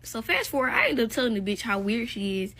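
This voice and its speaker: A young woman with a bright, fairly high voice tells a casual story-time. She is blunt, gossipy and profane as she talks. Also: very animated, quick pace.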